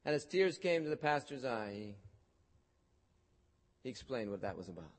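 A man preaching a sermon, swinging from loud rising questions to hushed, slow, quiet phrases. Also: medium pitch, sing-song, in a large hall. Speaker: pastor.

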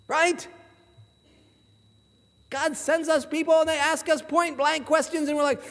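Male pastor, very high voice, animated storyteller, live sermon in an echoing hall. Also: moderate pace, pauses often. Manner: animated storytelling, acts out voices in his anecdotes.

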